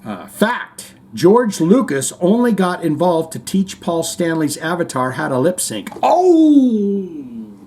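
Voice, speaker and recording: A man's voice: fairly high pitch, lively intonation, a little slow, hardly any pauses, a little mellow, slightly rough. A man hosting a casual livestream podcast, reading viewer comments aloud in a rambling, joking way with the odd swear.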